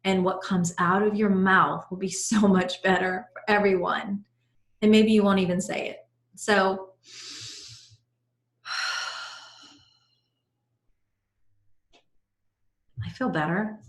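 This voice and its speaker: A middle-aged woman leads a live online coaching class. She guides her listeners through breathing and tells stories from her own life in an earnest, encouraging way. Her voice sits at an ordinary middle pitch, and the video-call audio carries a roomy echo. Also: fairly even intonation, normal speed.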